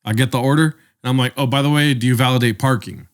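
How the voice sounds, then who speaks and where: A man's voice: medium pitch, steady tone, fast talker. A young man co-hosting a podcast, telling a long rambling story with lots of swearing. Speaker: podcast co-host. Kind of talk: casual chat.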